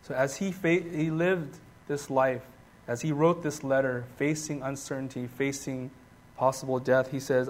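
A man's voice: medium pitch, fairly even intonation, a little slow. A man preaching a sermon with passion, asking the congregation rhetorical questions. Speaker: pastor.

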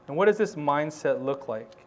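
A pastor preaching a sermon, reading scripture quietly and then building to loud, rising exhortation. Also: male voice, a little high, expressive, normal speed, slight background noise.

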